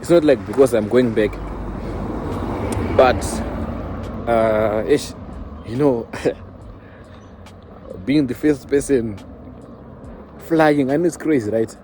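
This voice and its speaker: A man's voice: mid-range voice, slow pace, long pauses, background noise. A young man with a Zimbabwean accent, chatting loosely to camera in a casual vlog and mixing in Shona phrases. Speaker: vlogger. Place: outdoors in a town centre.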